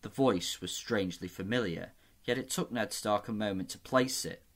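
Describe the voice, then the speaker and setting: Man reading a fantasy novel out loud, steady measured narration, lowish voice. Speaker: amateur audiobook reader. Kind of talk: scripted narration.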